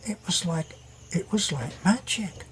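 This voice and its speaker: A man's voice: high-pitched, lively intonation, a little slow, a bit bright, a little hiss or hum, pitched above the performer's own voice. A man voicing a delighted wife who tells her story in a breathless, gushing rush. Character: delighted wife recounting a wild breakfast.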